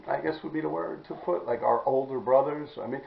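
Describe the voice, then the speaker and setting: Podcast host, New man, heavy vocal fry, blunt and profane, roomy dull recording. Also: fairly high pitch, fairly quick. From New York City. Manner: blunt, profane, rambling, clears throat often. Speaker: podcast host telling graffiti stories. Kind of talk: casual storytelling monologue.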